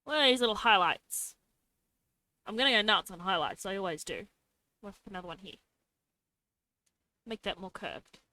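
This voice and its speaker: Streaming casually, a young woman talks to herself while she draws and throws in playful sound effects. Her medium-pitched voice is bright and forceful, with lively intonation, normal speed, and long pauses.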